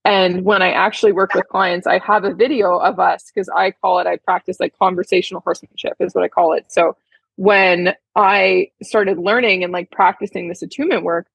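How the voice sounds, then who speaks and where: Chatty, heartfelt woman with a husky voice, recorded dry. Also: on the low side, steady tone, brisk, no room sound, muffled recording. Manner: chatty, heartfelt, many "like" fillers. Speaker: podcast guest, horse trainer. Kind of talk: casual storytelling interview.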